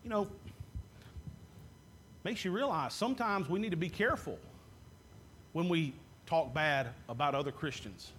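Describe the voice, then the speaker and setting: Guy preaching with a fairly high voice, keeps asking the crowd questions then answering. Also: normal speed, pauses often, a bit bright, slight background noise. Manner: asks the congregation questions and answers them himself. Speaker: pastor. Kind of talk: sermon.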